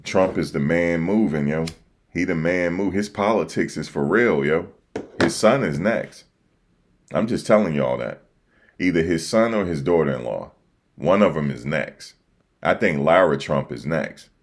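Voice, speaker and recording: Very deep-voiced East Coast man. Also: lively intonation, a little slow. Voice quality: very deep, slangy and repetitive. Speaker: livestream host reacting to election results. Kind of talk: casual livestream chat. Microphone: desk microphone.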